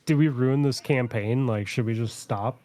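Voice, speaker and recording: A man's voice: mid-range voice, moderate pace, mellow. A man chatting at a tabletop game, rambling and hesitant with many fillers. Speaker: player. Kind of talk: casual tabletop game chat.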